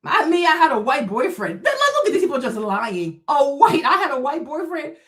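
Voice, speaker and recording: A woman's voice: sits high, big pitch swings, normal speed, fairly bright tone. A woman hosting a livestream, talking in a blunt, heated and profane way, mocking her audience with bursts of laughter. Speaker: livestream host. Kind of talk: ranting commentary stream.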